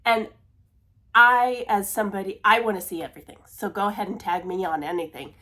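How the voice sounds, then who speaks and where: A woman's voice: medium pitch, steady tone, fairly quick, bright, forceful tone. A woman chatting casually in a cross-stitch vlog, laughing at herself, apologizing often, and dropping to a near-whisper when she fumbles. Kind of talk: casual chat.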